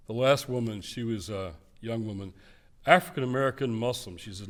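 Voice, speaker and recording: A man's voice: mid-range voice, fairly quick. Older man telling stories in a lecture. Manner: animated storyteller, acts out quoted voices with swings in loudness. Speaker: speaker giving a lecture. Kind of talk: public lecture with storytelling.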